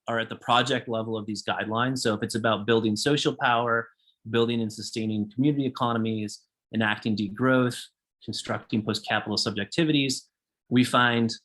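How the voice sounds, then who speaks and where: A man's voice: mid-range voice, fairly bright tone. A man leading an online design workshop over a video call, talking loosely with many fillers and restarts. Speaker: workshop leader and book author.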